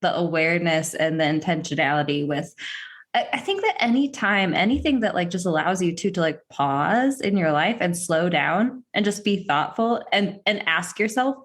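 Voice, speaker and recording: A woman's voice: lowish voice, animated, moderate pace. A woman hosting a podcast interview, chatting casually with frequent laughs, fillers and restarts. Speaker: podcast host.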